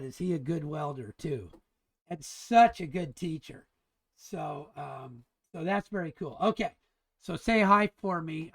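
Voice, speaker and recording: High-voiced and fairly bright, with some vocal fry, the man lectures an engineering drafting class in a relaxed, talkative way. His enthusiasm shows as he rambles, keeps restarting his sentences, and repeatedly describes things as cool.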